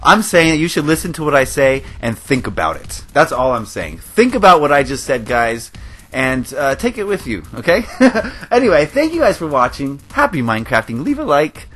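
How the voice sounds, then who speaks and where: A man's voice: a little high, sing-song, moderate pace, fairly bright tone, slight background noise. Passionate ranting man. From United States. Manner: passionate, emotional, preachy. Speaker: gaming video host. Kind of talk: ranting commentary over gameplay.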